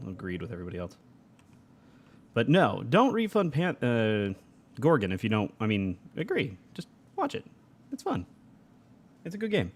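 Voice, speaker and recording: Man, young adult, live game streamer, casual chat, animated pitch, laughs often. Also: normal speed, long pauses. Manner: chatty, reads chat aloud, laughs often.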